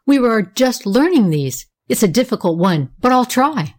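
A woman voicing a dreamy, eager little girl with a wistful, excitable manner. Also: on the high side, normal speed, voice pushed up.

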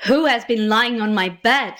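A woman's voice: a little high, moderate pace, fairly bright tone, natural voice. A woman voicing a great big male bear who cries out indignantly in a storybook reading. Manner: crying out indignantly.

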